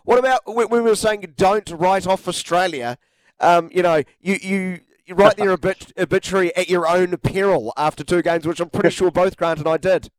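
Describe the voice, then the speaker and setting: A man's voice: high voice, moderate pace, no room sound, low-quality recording. A man co-hosting a sports talk show, wry and needling the guest. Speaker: co-host.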